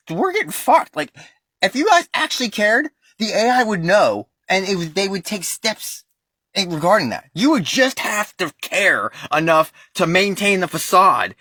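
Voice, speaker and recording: A man's voice: high voice, bright, forceful tone, no room sound. An American man delivering a heated, profane ranting monologue with emphatic, crude language. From United States. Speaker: vlogger.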